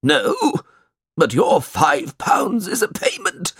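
A man puts on a bitter, ailing old father from a storybook, voice lifted high and swinging wildly as he snaps out orders. The tone is husky, recorded dry and close. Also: huge pitch swings, slow, no echo, heavily acted. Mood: demanding. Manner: shouting, sharp and demanding. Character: bad-tempered sickly older father, demanding.

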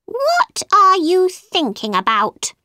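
A woman reading a story aloud voices a quick-tempered male mouse who speaks indignantly. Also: very high-pitched, very animated, bright, forceful tone, dry recording, clean studio sound, voice pushed up, exaggerated voice. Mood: angry. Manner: indignant, sulky.

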